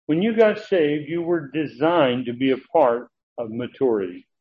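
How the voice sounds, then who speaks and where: A male preacher works through a scripture passage verse by verse, pressing hard on key words and often circling back with restarts and filler sounds. His voice is husky and slightly rough. The sound is thin and narrow, as if coming through a phone line. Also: medium pitch, animated, moderate pace. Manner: earnest, emphatic, with frequent restarts and filler sounds. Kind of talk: verse-by-verse sermon.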